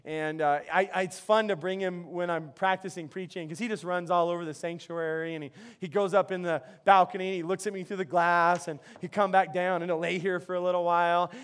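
A man's voice: high voice, flat delivery, fairly quick, hardly any pauses, clear, resonant tone. A male pastor preaching a sermon in a church, telling a story in a loose, conversational way with many restarts and repeated words.

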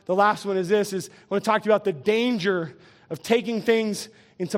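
A male pastor giving a lively sermon, quizzing the congregation and chuckling as he goes. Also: high-pitched, brisk.

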